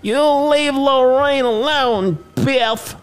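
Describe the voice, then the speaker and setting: Casting: a man putting on a jittery young man confronting a bully, high and squeaky. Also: drawn-out words, clean tone, faint music behind, exaggerated voice. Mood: defiant.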